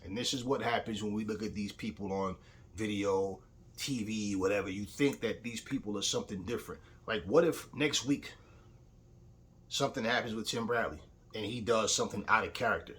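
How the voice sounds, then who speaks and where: A man's voice: fairly low pitch, brisk, fairly bright tone. Blunt, heated man ranting. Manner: blunt, heated storytelling with frequent swearing. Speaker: boxing commentator. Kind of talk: casual opinion vlog.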